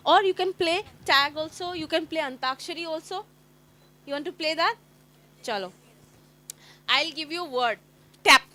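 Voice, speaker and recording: A woman with an Indian accent running a phonics workshop for teachers, sounding out letters slowly and repeatedly as she quizzes the group. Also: high voice, pushed and bright. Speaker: teacher trainer.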